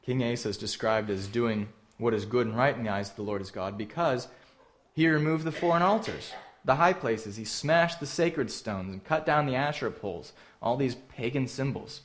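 A man preaching a sermon, earnest and direct, asking the listeners questions and swinging between emphatic lines and hushed ones. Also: medium pitch. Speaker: pastor.

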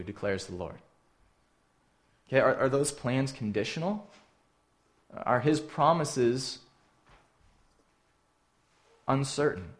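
A man preaching a sermon, earnest and direct, asking the listeners questions and swinging between emphatic lines and hushed ones. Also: mid-range voice, animated, a little slow. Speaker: pastor.

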